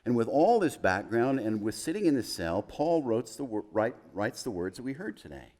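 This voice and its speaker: A man preaching a sermon as pastor in a chapel, building through emphatic lists and dropping to soft, hushed quotes. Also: mid-range voice, sing-song, moderate pace.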